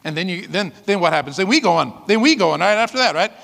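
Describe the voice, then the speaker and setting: A man's voice: high voice, animated, quick pace, creaky, a bit bright, in a large hall. A man preaching a sermon as pastor, reading scripture aloud and breaking into whoops and laughter. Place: church.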